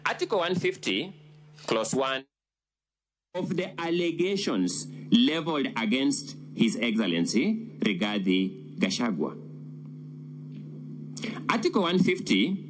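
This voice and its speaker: Slow, oratorical lawyer, lively pitch. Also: male voice, a little hiss or hum. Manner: measured, oratorical, emphatic. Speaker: defense lawyer addressing the Senate. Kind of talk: formal legal submission.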